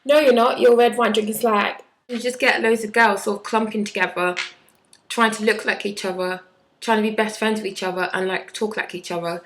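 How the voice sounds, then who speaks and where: A woman's voice: mid-range voice, fairly even intonation, a little fast, a bit bright, poor audio. A woman in her twenties chatting bluntly and sarcastically in a casual vlog, with mocking impressions. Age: 20s. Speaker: vlogger.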